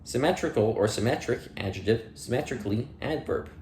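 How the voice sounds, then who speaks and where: An audiobook reader, a man, reads dictionary entries aloud one by one in a plain delivery, with dry asides and small playful slips. His mid-range, slightly mellow voice has lively intonation and a slightly fast pace. The room is echoey, with slight background noise.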